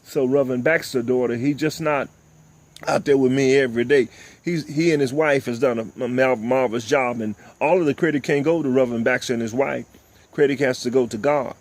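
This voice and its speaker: An older man, hosting a talk show and delivering impassioned, preachy commentary, often repeating "ladies and gentlemen.". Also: mid-range voice, fairly quick. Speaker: host.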